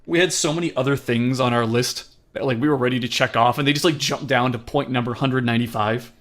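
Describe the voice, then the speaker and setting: A young man co-hosts a casual movie review podcast. He rambles and laughs, slipping into quick voices. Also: medium pitch. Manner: rambling, laughing, animated impressions. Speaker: podcast co-host.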